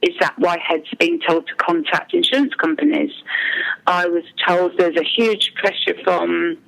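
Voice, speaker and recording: A woman's voice: fairly low pitch, a bit bright, low-quality recording. A mother speaking as an interview guest, telling her account hesitantly with frequent ums and restarts. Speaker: parent speaking anonymously as a guest.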